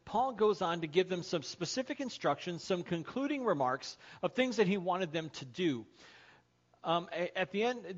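A male pastor giving a sermon, opening with a told joke and acting out the lines of the characters. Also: fairly high pitch. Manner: storytelling, acts out shouts in the joke. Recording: lo-fi sermon podcast audio.

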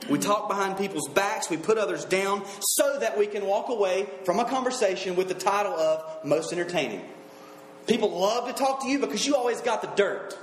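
A man preaching a sermon earnestly, reading scripture slowly and driving each point home with emphasis. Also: high voice, reverberant, a little hiss or hum, poor audio.

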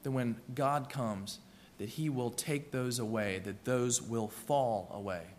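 A man preaching a sermon with earnest, rhythmic repetitions, slowing down and softening for emphasis. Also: medium pitch, a little hiss or hum. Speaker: pastor. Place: church sanctuary. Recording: long reverb of a church hall.

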